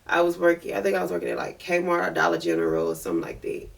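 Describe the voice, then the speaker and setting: A woman podcast host telling a personal story in a chatty, animated way, full of fillers. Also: on the low side, quick pace, gravelly. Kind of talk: casual storytelling. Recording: voice distant from the mic.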